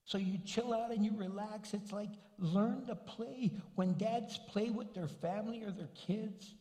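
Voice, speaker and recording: Older man, pastor, relaxed joking sermon, higher voice, echoey church hall, long reverb. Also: measured pace. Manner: conversational, joking preaching.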